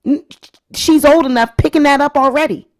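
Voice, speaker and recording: A woman's voice: sits high, normal speed. A woman hosting her own vlog, giving chatty, opinionated commentary straight to her viewers. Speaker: vlog host. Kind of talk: casual celebrity-news commentary.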